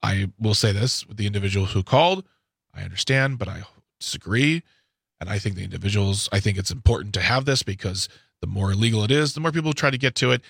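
A man with a bright voice co-hosts a talk radio show, giving his opinions emphatically and often restarting his sentences. The recording is dry and close. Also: fairly low pitch, fast talker, vocal fry, husky, dry recording.

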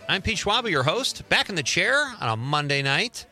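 A man's voice: on the high side, big pitch swings, normal speed, sharp tone, soft background music. A man hosting a radio show in a studio, chatting casually and joking at his own expense. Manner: chatty and self-deprecating. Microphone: studio microphone.

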